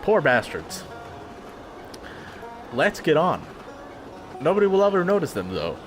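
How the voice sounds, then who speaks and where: A man's voice: on the high side, huge pitch swings, a little slow, soft background music, voice pushed up. A man voicing a weary male banjo player with a put-on Southern accent, grumbling in a drawl. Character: weary male banjo player, drifter, bitter about the company town.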